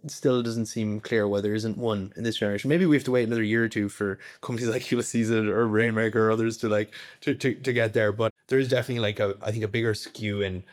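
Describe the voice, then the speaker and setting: A man's voice: lowish voice, fairly even intonation. A young Irish man in a casual podcast interview, rambling with lots of "like" and "you know". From Ireland. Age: young adult. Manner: rapid, rambling, heavy use of "like" and "you know".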